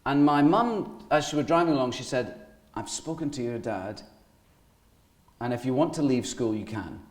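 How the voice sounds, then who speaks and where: A man's voice: mid-range voice, moderate pace, roomy sound. A Scottish man in his forties, a guest actor telling rambling anecdotes on stage in an interview before a live audience. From Scotland. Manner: animated rambling anecdotes with laughter.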